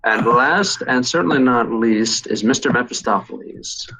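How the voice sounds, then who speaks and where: A man narrating as game master, explaining the rules and calling out damage in a steady, measured way. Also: medium pitch, background noise.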